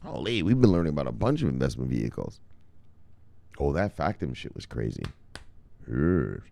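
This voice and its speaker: A man hosting a crypto news vlog in loud, profane, boisterous casual commentary, laughing often. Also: a bass voice, sing-song, moderate pace, creaky, no echo.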